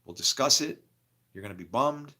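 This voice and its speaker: A man's voice: mid-range voice, expressive, normal speed, bright, forceful tone. A middle-aged man rambling grumpily about faith and his day, preaching and laughing at himself. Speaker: vlogger. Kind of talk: rambling monologue.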